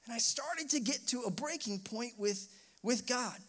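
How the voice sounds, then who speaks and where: A man's voice: very high-pitched, expressive, moderate pace, a bit bright. A young man preaching a sermon as a pastor, telling a personal story and rising into impassioned outbursts.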